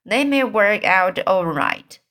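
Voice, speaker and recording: A woman voicing Stuart Little, a small proud male mouse, slow and a bit louder than her reading. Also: mid-range voice, animated. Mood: indignant.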